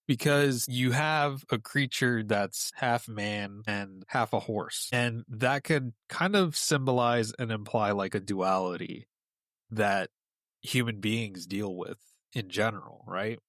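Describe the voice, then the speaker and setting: A man's voice: mid-range voice, fairly bright tone, no echo, studio quality. A man chatting on a podcast as a guest, telling a myth in a loose, rambling way with lots of fillers. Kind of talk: casual chat.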